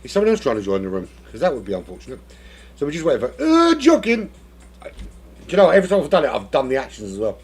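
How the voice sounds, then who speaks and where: A man commentating a sim race live in a gravelly voice. His pitch leaps and dips as he rambles from one joke to the next and keeps cutting himself off. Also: sing-song, racing, a little mellow. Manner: rambling, jokey, self-interrupting. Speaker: race commentator and lobby host.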